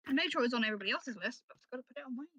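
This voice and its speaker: A woman's voice: a little high, expressive, very fast, bright, forceful tone, husky, no room sound. A woman playing a tabletop game, chatting casually and thinking aloud while she checks her notes, on a dull, lo-fi mic. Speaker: player.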